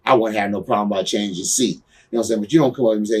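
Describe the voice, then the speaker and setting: A man's voice: medium pitch, racing, breathy edge, far from the mic. A man being interviewed as a guest, telling stories bluntly with lots of cursing and "you know what I'm saying". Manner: heated when recounting grudges. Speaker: interview guest, former pro wrestler. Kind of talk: candid shoot interview storytelling.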